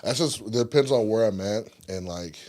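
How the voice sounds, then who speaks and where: Low-voiced man telling rowdy stories. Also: normal speed. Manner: animated storytelling, swearing, voice jumps when excited. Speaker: guest wrestler. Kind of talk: casual podcast interview.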